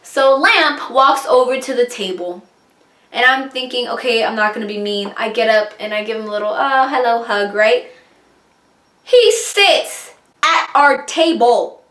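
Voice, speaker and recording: A young woman telling a storytime vlog, animated and acting out quoted lines. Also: on the high side, moderate pace, echoey room. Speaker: vlogger.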